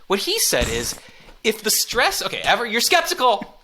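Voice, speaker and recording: A man's voice: high voice, huge pitch swings, normal speed, sharp tone, a little hiss or hum. A man hosting a comedy podcast, talking in a playful, giggly, rambling way. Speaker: podcast host.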